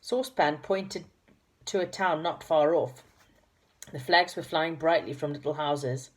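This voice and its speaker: Low-voiced lady reading a kids storybook, affectionate. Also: lively intonation, normal speed. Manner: warm, affectionate with listeners. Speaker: reader of children's stories.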